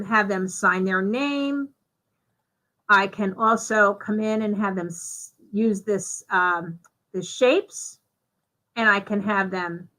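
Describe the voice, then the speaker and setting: A woman giving a live software demonstration, talking through each step in a chatty way with fillers. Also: a little high, poor audio. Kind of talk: live software demo walkthrough.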